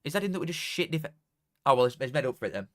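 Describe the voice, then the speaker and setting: A man's voice: medium pitch, rapid-fire. A young man with a Yorkshire accent chatting casually and swearing freely while he hosts a live football watchalong from home. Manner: excitable, swears freely, bursts into shouting at goals. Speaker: streamer hosting a football watchalong. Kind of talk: casual live stream commentary.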